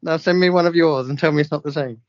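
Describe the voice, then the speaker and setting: Cheeky, slightly high-voiced man. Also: fast talker, dry recording, muffled recording. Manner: teasing, cheeky banter. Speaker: podcast co-host. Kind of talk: casual chat.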